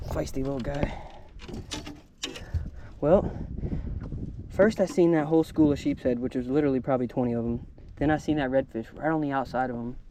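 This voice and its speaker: A young man talking casually and excitedly to an action camera, outdoors on the water. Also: mid-range voice, a little hiss or hum. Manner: excitable, hyped, slangy. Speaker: fishing vlogger. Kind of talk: casual vlog commentary.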